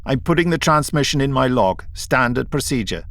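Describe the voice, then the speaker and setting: A man's voice: mid-range voice, expressive, normal speed, fairly bright tone. A man voicing a sleepy but stubborn male communications technician, raised and insistent. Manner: insistent, dogged.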